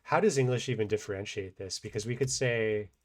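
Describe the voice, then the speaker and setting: A man explaining grammar in a relaxed, unscripted way, thinking aloud with many fillers and restarts. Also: lowish voice, fairly quick. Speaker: language teacher.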